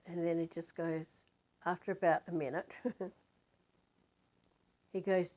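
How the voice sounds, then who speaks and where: Chatty woman, low voice. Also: flat delivery, a little slow, pauses often, a little mellow. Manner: rambling, chatty, many fillers and restarts. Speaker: spiritual storyteller. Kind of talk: spiritual storytelling monologue.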